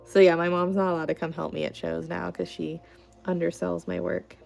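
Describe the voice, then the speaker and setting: A young adult woman, a craft artist, hosts a casual livestream, telling rambling stories packed with "like" and responding to chat. Her voice is on the low side, with vocal fry and a slightly mellow quality, and her delivery is flat and a little fast. Soft music plays in the background.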